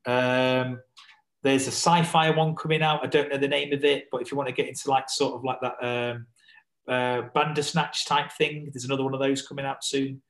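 On this low-quality recording, a podcast guest, a survival instructor, talks at medium pitch. It's a casual podcast chat, and he rambles, full of fillers and restarts.

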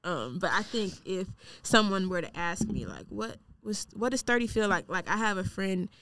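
A laid-back woman in her thirties co-hosting a casual podcast chat, her talk slangy and sprinkled with swearing. Her pitch sits in a middle range and her voice is close and dry, with no room sound. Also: normal speed, fairly bright tone, dry recording. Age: 30s. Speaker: podcast co-host.

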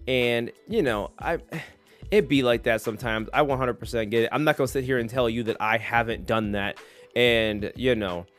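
A man around thirty hosting a solo podcast, rambling in a jokey, animated way. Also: medium pitch. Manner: rambling, animated, jokey, slips into silly voices. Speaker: podcast host.

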